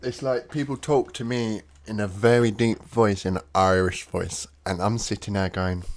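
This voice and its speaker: A man with an English accent, hosting a casual radio interview, joking and slipping into quick accent impressions. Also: on the low side, fairly even intonation. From England. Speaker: radio host.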